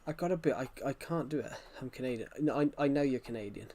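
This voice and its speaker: British gaming streamer, young man, relaxed back-and-forth with chat. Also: mid-range voice, quick pace, slight background noise. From United Kingdom. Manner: chatty, answers viewers' questions as they come. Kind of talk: casual livestream chat while playing.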